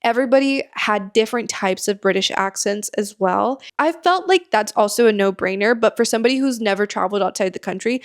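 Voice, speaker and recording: A young American woman hosting her own podcast, chatting candidly about her travels and dropping in quick asides. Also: medium pitch. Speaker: podcast host. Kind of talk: casual solo storytelling.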